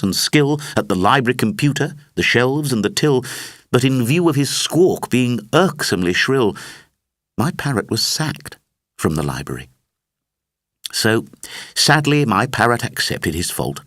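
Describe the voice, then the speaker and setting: A man narrating a comic rhyming story aloud with rhythmic, expressive delivery. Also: mid-range voice, no room sound, clean studio sound. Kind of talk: storybook verse reading.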